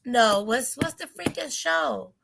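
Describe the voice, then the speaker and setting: A woman co-hosting a casual gossip chat, chatty and quick to chime in. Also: a little high, lively intonation, vocal fry, noisy background. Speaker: podcast co-host.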